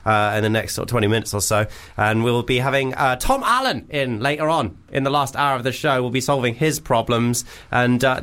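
A man's voice: mid-range voice, fairly quick, hardly any pauses, fairly bright tone, smooth. A man hosting a radio show, joking and bantering with his co-host. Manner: playful, laughing, joking.

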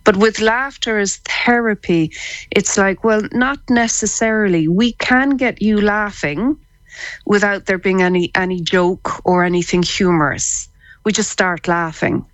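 A woman's voice: mid-range voice, a little slow, no echo. A woman, a psychotherapist guest on a radio interview, explaining things in a chatty way and laughing easily.

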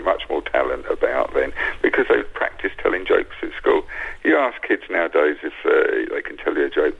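A man, a comedian guest on a radio interview over a phone line, telling rapid-fire one-liners. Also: very deep voice, vocal fry, husky.

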